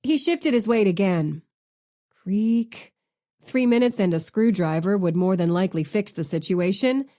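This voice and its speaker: Woman audiobook narrator, steady expressive read. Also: medium pitch, normal speed, few pauses. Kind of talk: scripted narration.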